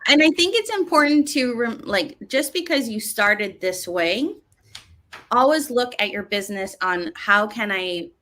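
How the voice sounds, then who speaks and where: A woman co-hosting a casual business podcast, chatty and eager, agreeing quickly. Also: fairly high pitch, expressive, pushed and bright. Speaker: podcast co-host.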